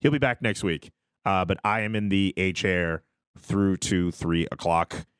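A man's voice: low-pitched, unhurried, smooth, no echo. A man hosting a sports radio show in a studio, chatting casually and upbeat. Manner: lively, laughs easily, upbeat. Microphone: studio mic.

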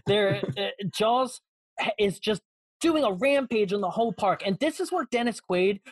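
A woman co-hosting a podcast, recapping a movie for laughs as an animated storyteller who swears and acts out the characters. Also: medium pitch, unhurried, no echo. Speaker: podcast co-host.

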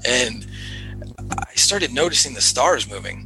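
A man as a podcast guest, telling a story in casual chat, animated and repeating himself as he goes. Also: mid-range voice, unhurried, over music, rough recording. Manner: animated, repeats himself, acts out his own excited shouts.

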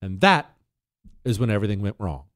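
A man's voice: on the low side, expressive, brisk. A man hosting a talk show, telling a long story in an emphatic way and talking straight to his listeners. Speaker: radio show host.

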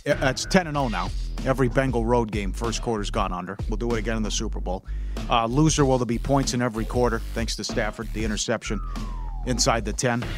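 A man co-hosting a sports betting show, talking in a casual, animated way with jokey outbursts. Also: mid-range voice, fast talker, music in the background. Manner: animated, jokey, loud bursts when mocking.

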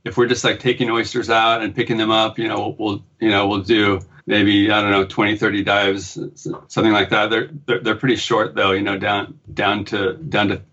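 An American man with a halting, restart-filled manner, talking as a guest in a casual interview. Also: fairly low pitch, flat delivery, sharp tone, husky. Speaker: guest, pearl diver and surf photographer. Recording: dull lo-fi audio.

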